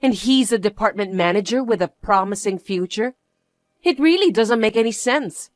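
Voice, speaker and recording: A woman's voice: medium pitch, expressive, moderate pace, dry recording, natural voice. A woman voicing a bratty, boastful young stepsister who talks in a haughty, taunting, demanding way. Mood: mocking. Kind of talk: dramatized story acting.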